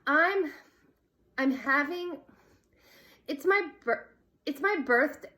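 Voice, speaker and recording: A woman's voice: sits high, animated, slow pace, a little mellow, voice pushed up. A woman voicing a nervous, shy schoolgirl who stammers and hesitates.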